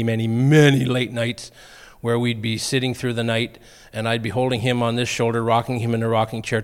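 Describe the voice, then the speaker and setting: A middle-aged man preaching a sermon, telling funny stories in a lively way. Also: mid-range voice. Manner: humorous storytelling, animated. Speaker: pastor. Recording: long reverb of a church hall.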